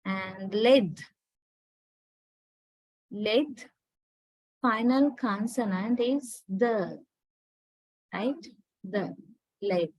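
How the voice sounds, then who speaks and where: A woman teaching a class, slowly and deliberately repeating words to drill pronunciation. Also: mid-range voice, a little mellow, no room sound, rough recording. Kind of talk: classroom lecture.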